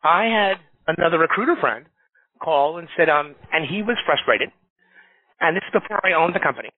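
On a casual podcast, a middle-aged recruiter from New York who also heads an association spins stories, acting out each person he quotes. He speaks at a fairly high pitch and a little fast. The audio has no echo and sounds dry and tinny, like a phone.

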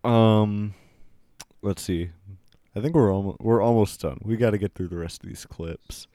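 A man's voice: lowish voice, normal speed, dry recording, studio quality. A man co-hosting a podcast, chatting casually and reacting to clips with a lot of swearing and laughter. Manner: profane, animated, laughs a lot. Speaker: podcast co-host.

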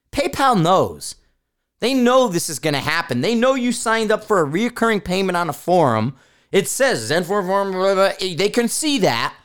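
Podcast guy ranting, swears a lot, super animated pitch, smooth clear voice. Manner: blunt, profane, rambling with restarts. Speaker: podcast host. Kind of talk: casual solo podcast rant.

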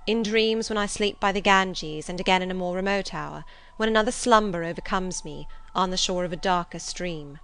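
A woman's voice: on the low side, normal speed, a bit bright, smooth. Woman voicing a stern zealous missionary man. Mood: solemn, earnest. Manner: solemn, insistent, preaching. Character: stern, zealous male missionary, relentless and austere. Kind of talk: audiobook character reading.

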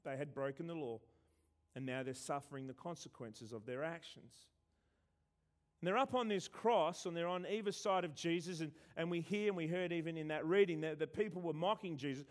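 Guy preaching, kinda high voice, punchy then goes quiet, repeats words a lot. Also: a little fast. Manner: emphatic, swings between loud and hushed, stumbles and repeats. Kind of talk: sermon.

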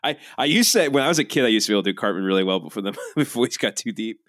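A man's voice: fairly low pitch, lively intonation, racing, a bit bright, no room sound, clean studio sound. A man hosting a podcast, chatting in a jokey, rambling way. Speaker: podcast host. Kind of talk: casual chat.

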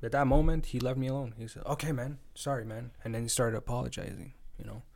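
Mid-pitched man, working driver, earnest plain storyteller. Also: fairly even intonation, fast talker, vocal fry, darkish tone. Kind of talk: casual podcast chat, storytelling.

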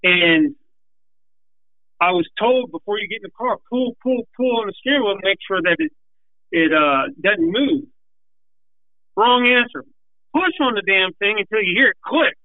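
A man with a fairly high voice tells a racing story in a folksy, animated ramble, a little short of breath. He comes through a thin, tinny phone line with a dry sound. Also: normal speed, pauses often, no room sound. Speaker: guest telling a racing story. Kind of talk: casual storytelling.

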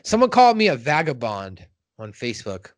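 A man's voice: medium pitch, wildly swooping pitch, fairly quick, no room sound. A man hosting a podcast, chatting casually with rambling jokes and crude language. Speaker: podcast host. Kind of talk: casual chat.

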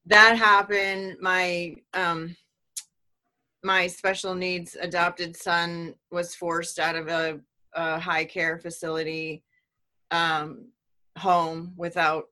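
Earnest low-pitched woman telling her story. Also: little pitch movement, sharp tone. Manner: halting and earnest, with many restarts. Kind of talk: personal testimony.

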